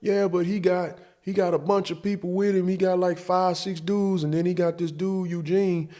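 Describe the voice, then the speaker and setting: A man's voice: sits high, little pitch movement, moderate pace, warm tone, pitched above the performer's own voice, close to an everyday voice. A man playing his younger teenage self, whining and pleading with his parents. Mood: worried. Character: whiny anxious teenage boy, pleading.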